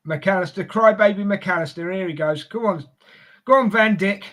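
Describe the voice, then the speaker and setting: Co-host, male, London accent, high-ish voice, casual live match banter and reading the chat. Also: normal speed, fairly bright tone. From Scotland. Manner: chatty, reads out viewer messages. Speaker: co-host of a football watchalong. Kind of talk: live football watchalong chat.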